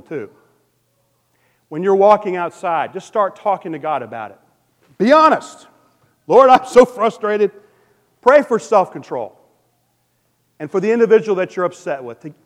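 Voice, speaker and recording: A man preaching a sermon as pastor, earnest and personal, swinging between loud emphasis and a soft, gentle hush. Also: a little high, big-room sound.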